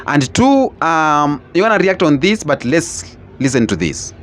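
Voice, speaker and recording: A man talks loosely to his viewers, circling back and repeating words as he goes. His pitch is somewhat high and swings up and down a lot. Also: very animated, unhurried, a bit bright, soft background music. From Kenya. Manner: rambling, repeats himself. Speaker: YouTube host. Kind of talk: casual reaction commentary.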